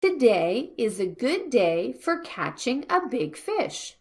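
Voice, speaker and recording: Female example reader, high and very animated pitch, slow exaggerated stress. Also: slightly rough. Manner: slow, sing-song, exaggerated stress on single words. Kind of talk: reading example sentences.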